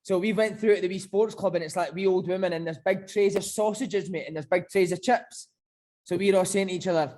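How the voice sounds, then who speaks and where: Brief: ex-footballer host, higher voice, lively storyteller. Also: male voice, brisk. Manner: animated, swearing, keeps saying mate. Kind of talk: casual chat and storytelling.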